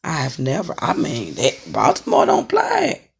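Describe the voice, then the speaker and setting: A psychic reader on a live stream, ranting angrily in a profane, repetitive, confrontational way with a gravelly, husky voice. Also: medium pitch, wildly swooping pitch, moderate pace, a little hiss or hum. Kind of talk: angry ranting monologue.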